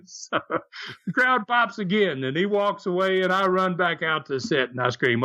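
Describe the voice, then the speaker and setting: Older man, animated storyteller, slightly high voice. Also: moderate pace. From American South. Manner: animated, acts out shouted quotes. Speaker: podcast host telling wrestling stories. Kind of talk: storytelling chat.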